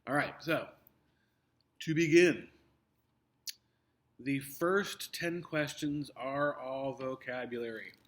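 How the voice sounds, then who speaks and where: A man's voice: medium pitch, takes it slowly, long pauses, a bit bright. A man teacher walking his students through an upcoming test, explaining patiently with many fillers and restarts. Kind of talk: recorded test review for students.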